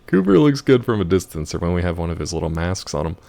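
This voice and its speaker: American guy rambling through a game stream, hoarse and gravelly, lowish voice. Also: very animated, quick pace, dark tone. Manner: rambling, jokey, reads chat aloud. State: hoarse from yelling. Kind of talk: casual gameplay chat.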